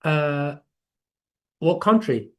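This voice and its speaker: A man's voice: fairly high pitch, animated, very slow, a bit bright. A man with an English accent hosting a live online class in a chatty, rambling way. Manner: chatty, rambling, laughs easily. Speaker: class host. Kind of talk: casual live class talk.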